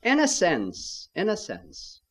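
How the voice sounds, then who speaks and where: Male preacher, slightly high voice, slow deliberate sermon delivery, earnest with hushed emphasis. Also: wildly swooping pitch. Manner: earnest, rises for emphasis and drops to a near hush; reads scripture in old-fashioned diction.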